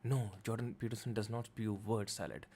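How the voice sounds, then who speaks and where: A man hosting a livestream, chatting casually and switching between Hindi and in a rapid, offhand way. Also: fairly low pitch, dark tone, slight background noise. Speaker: livestream host. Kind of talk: casual stream chat, mixing Hindi and English.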